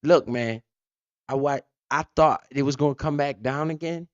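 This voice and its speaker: A man's voice: mid-range voice, normal speed, no room sound, muffled recording. A man hosting a casual crypto livestream, telling stories animatedly with lots of slang and swearing. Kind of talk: casual profane livestream talk.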